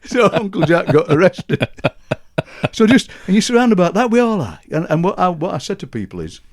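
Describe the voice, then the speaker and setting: Man, sixties, Barnsley accent, anecdotal guest, chuckling, animated pitch. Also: a little fast. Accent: Yorkshire, Barnsley. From Yorkshire, England. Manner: chatty, warm-humoured, chuckles through his stories. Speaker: guest poet. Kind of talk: anecdotal conversational storytelling.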